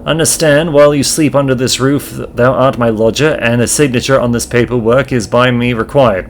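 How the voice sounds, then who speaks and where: A man's voice: mid-range voice, fairly even intonation, moderate pace, a little hiss or hum, natural voice. A man voicing a formal innkeeper who talks in old-fashioned thee-and-thou phrases in a video game. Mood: formal, stately. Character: archaic-speaking innkeeper, formal and stiff.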